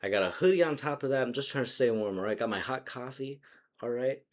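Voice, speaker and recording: A man's voice: medium pitch, fast. A young man co-hosting a podcast, chatting casually in long run-on sentences and laughing often. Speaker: podcast co-host. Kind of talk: casual chat.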